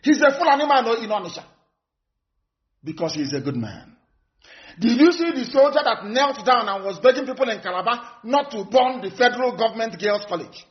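Nigerian guy ranting hard at politicians, high voice, keeps repeating himself, muffled lo-fi sound. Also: animated, fairly quick. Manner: fiery, scornful, repeats phrases for emphasis. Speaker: activist addressing followers. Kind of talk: impassioned political broadcast. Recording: dull lo-fi recording.

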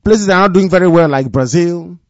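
A man giving a live radio address to his followers as their movement leader. He speaks in a commanding, repetitive way and drops low and quiet when he gives warnings. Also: fairly quick, no echo, highs cut off.

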